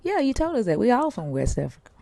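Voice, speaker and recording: A woman's voice: a little high, huge pitch swings, fast talker, gravelly, mellow. A woman with a Southern US accent hosts a livestream, bluntly and profanely pressing a caller with questions. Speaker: livestream host. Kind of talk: casual debate with callers.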